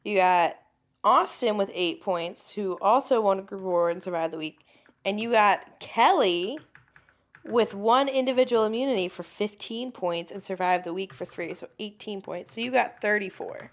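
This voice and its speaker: A woman's voice: medium pitch, normal speed. A woman co-hosting a podcast in casual chat, hesitant and trailing off with many fillers. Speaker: podcast co-host.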